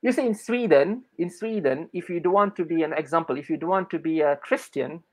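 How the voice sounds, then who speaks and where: A man from Malaysia in his thirties, a native Malay speaker, telling a personal story in an interview, animated and acting out the dialogue. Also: fairly high pitch, brisk. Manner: animated, acts out quoted dialogue, frequent restarts. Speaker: interview guest. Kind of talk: conversational storytelling.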